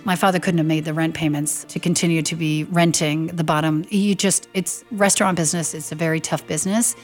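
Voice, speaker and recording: A lively storyteller with a fairly low voice tells an anecdote about her family. When she quotes people, she acts them out and raises her voice for their lines, while soft music plays faintly in the background.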